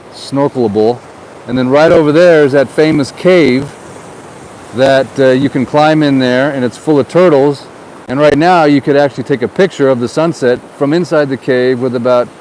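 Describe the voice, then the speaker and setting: Vlogging outdoors by the ocean on a handheld camera mounted on a gimbal, a real estate agent chats and rambles, often repeating words. His mid-range voice has a darkish tone, the recording is rough, and ocean waves and wind fill the background.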